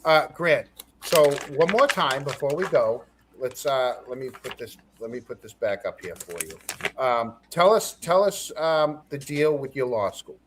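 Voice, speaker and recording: A man's voice: mid-range voice, animated, measured pace, background noise. A man hosting a live talk show, chatting casually and stumbling over his words. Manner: chatty, stumbling, laughs easily. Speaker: host. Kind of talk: casual chat.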